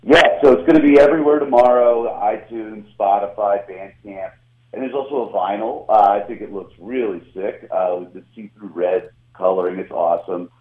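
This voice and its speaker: A young adult man from Atlanta with a slight Southern US accent, a guest comedian chatting in a casual interview, animated and self-mocking, heard over a phone line. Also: on the low side, normal speed. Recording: tinny phone line, echoey.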